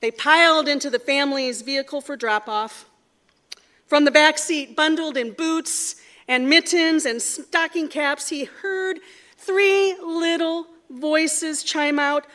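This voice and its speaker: A woman giving a sermon, telling stories in a measured, earnest way before leading a prayer. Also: high voice, a bit bright. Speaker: preacher. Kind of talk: sermon with storytelling.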